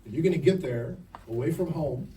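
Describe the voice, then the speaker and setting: A man with a fairly quick, somewhat high voice and a dark tone delivers a sermon to teenagers at a youth camp during a church camp meeting. He jokes, speaks directly, and fires questions at the crowd, recorded from a distance with faint ambient noise around him.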